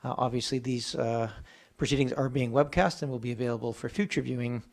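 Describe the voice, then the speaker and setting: A man chairing a council meeting as its mayor. His pitch sits in the middle range for a man. He talks in a measured, procedural way with small hesitations, recorded in a council chamber. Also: creaky, darkish tone.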